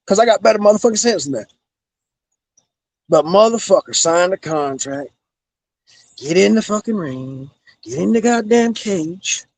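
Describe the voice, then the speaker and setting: Gravelly high-pitched man ranting. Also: dry recording. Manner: menacing, profane, repeats "bro". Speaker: former pro wrestler, guest. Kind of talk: heated profane promo-style rant.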